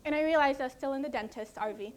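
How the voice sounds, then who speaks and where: Casting: woman contest speaker, high voice, lively comic storytelling. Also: rapid-fire. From Arizona, USA. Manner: animated storytelling, often laughing. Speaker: speech contest competitor. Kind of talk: humorous tall-tale speech.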